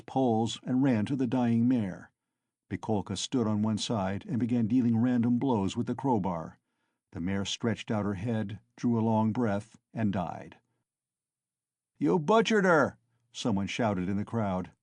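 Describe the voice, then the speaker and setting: A man narrating a classic novel as an audiobook, in a measured, dramatic way. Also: medium pitch, mellow, no echo.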